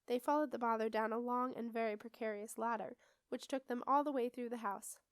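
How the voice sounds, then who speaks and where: A woman reading a children's fantasy novel aloud in steady, expressive storybook narration. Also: on the high side, brisk, clear, resonant tone, dry recording. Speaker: audiobook reader.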